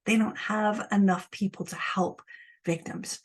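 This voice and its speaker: A woman's voice: mid-range voice, steady tone, a little slow, breathy edge. A middle-aged woman, an abuse support coach, speaking bluntly and with frustration straight to her viewers. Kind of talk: impassioned direct-to-camera monologue.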